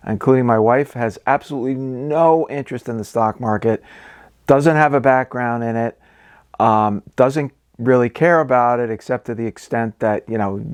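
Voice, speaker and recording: A man's voice: medium pitch, a little mellow, dry recording, clean studio sound. A man hosting an investing channel, explaining stock basics in casual talk full of ums, okays and restarts. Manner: conversational, many ums and okays.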